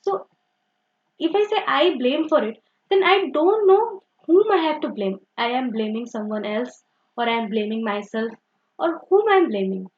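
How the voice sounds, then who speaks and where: A young woman teaching grammar, with a high, very lively voice that jumps up and down. She explains patiently, repeating herself and filling pauses with "okay" and "so." The recording sounds dull and lo-fi. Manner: repetitive, uses "okay" and "so" often, self-correcting.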